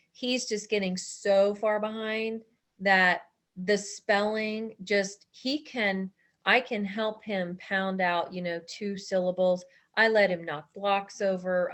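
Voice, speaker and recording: A woman's voice: mid-range voice, steady tone, slow pace, a bit bright. Earnest woman teacher explaining. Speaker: teacher asking a question. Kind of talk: casual workshop discussion.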